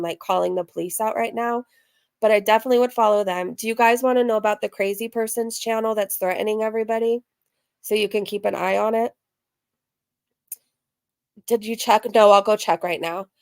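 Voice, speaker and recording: A woman's voice: medium pitch, no room sound. Chatty woman live-streaming in a dry room. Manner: chatty, animated, frequent laughs and "like" fillers. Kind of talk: casual chat.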